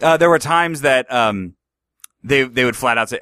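A man's voice: mid-range voice, normal speed, bright, forceful tone, clear, resonant tone, no room sound, clean studio sound. A man co-hosting a podcast, telling a story casually with many fillers and frequent laughter. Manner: storytelling, uses lots of fillers like 'um' and 'like', laughs often. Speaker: podcast co-host. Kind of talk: casual comedic chat.

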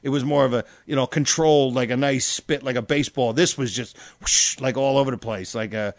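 A man in casual chat, telling stories with lots of swearing and acting out his own shouting. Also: mid-range voice, fairly quick, dry recording. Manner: profane, animated, acts out his own yelling.

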